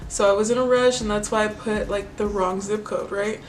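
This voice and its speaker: A woman vlogging casually about makeup, telling a story in a chatty, animated way and acting out the people in it. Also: medium pitch, brisk, far from the mic, faint music behind, poor audio. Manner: chatty, animated storytelling, acts out quoted voices. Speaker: beauty vlogger.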